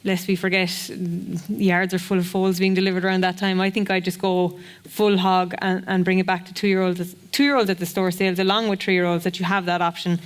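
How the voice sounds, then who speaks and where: Smooth-voiced woman on a panel. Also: fairly low pitch, level tone, a little fast. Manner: frank, asks the room questions. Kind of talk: seminar panel discussion.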